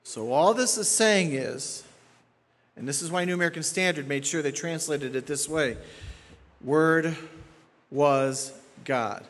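Male pastor, sermon, emphatic, repeats phrases, slightly high voice, echoing hall. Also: normal speed, a bit bright. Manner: emphatic, repeats key phrases, checks in with the congregation. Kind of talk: expository sermon teaching.

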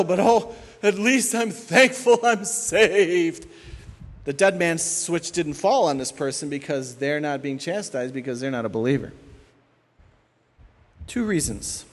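A middle-aged male pastor preaching a sermon in an animated way, acting out the voices of the people he describes. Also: on the high side, in a large hall.

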